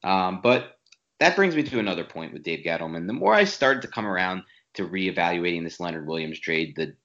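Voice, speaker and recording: A man co-hosting a sports podcast, making an opinionated, animated case with rapid-fire arguments. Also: low-pitched. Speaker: podcast co-host. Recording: echoey room, dull lo-fi sound.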